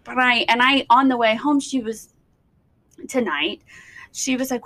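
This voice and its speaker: A woman co-hosting a podcast in casual chat, telling stories with lively acted-out quotes. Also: a little high, moderate pace. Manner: animated storyteller, acts out quotes. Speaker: podcast co-host.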